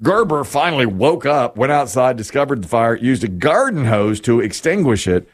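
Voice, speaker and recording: A man's voice: medium pitch, big pitch swings, moderate pace. A man hosting a casual radio show, joking with co-hosts and reading quirky news stories aloud. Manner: jokey, reads news stories aloud with playful put-on voices. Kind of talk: casual morning-show banter.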